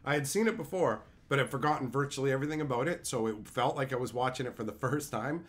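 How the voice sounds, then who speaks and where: A man's voice: medium pitch, fast talker. A man streaming live, chatting casually with his chat and ranting with repeated, profane phrases. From Canada.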